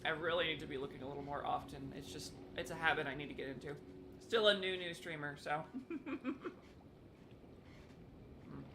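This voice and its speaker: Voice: medium pitch, fairly even intonation, fast, noisy background. A new streamer chatting casually during live online matches, often apologizing and laughing along. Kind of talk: casual live gameplay commentary.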